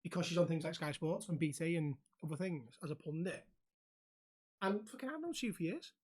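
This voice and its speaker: A man's voice: fairly high pitch, a little fast. Man, young, podcast co-host, casual chat, laughs a lot, swears. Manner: animated storyteller, laughs often, swears freely.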